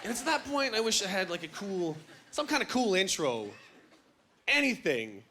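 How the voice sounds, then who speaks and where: A young man performing stand-up on a club stage, animated and self-mocking as he acts out other people. His voice sits rather high. Loud laughter from the audience rolls through the room. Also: normal speed, noisy background. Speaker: stand-up comedian. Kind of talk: stand-up comedy set.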